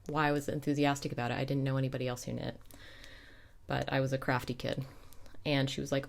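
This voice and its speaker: A woman's voice: very deep voice, flat delivery, fast talker, gravelly, pauses often. A young adult woman hosting a knitting podcast, chatting casually and wandering off into side stories before correcting herself. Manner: chatty, digressive, self-correcting. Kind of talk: casual chat.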